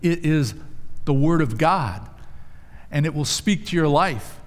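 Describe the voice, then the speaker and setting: A male pastor delivers a sermon in a slightly higher voice, moving between storytelling and emphatic rises. His words ring out with a long reverb from a large church sanctuary. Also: animated, slow.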